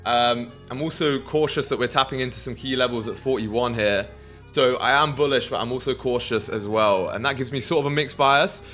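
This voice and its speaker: Young brit guy live streaming, chill and slangy, talks to chat, bit of music low in the back. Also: fairly quick, fairly bright tone. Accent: British. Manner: slangy, chatty, addresses chat directly. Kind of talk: casual live-stream commentary.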